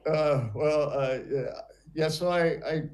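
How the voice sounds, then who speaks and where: A man's voice: fairly high pitch, slow pace, darkish tone. An older man from the United States hosting a casual conversation, telling stories in a reflective, hesitant way. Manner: reflective storyteller, hesitant with fillers. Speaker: host.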